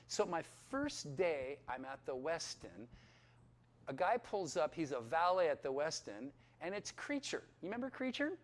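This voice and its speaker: A man giving a personal testimony, telling his story with animated delivery and acting out the voices in it. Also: a little high, moderate pace. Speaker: testimony speaker.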